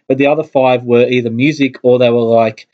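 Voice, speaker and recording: A man's voice: medium pitch, fairly even intonation, brisk, lo-fi sound. A man co-hosting a podcast, telling a story with enthusiasm. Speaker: podcast co-host. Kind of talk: casual chat about movies.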